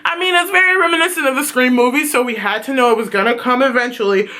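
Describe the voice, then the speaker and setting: A woman reviewing a TV series in a casual, animated recap, swearing freely and telling it dramatically. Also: high-pitched, fast. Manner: excitable, profane, dramatic storytelling.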